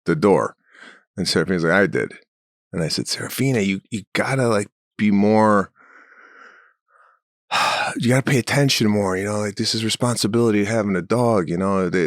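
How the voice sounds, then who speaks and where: Podcast co-host, middle-aged man, low voice, dry close sound, storyteller who builds into rants. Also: no room sound. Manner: animated storytelling, rants with rising pitch. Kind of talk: casual chat.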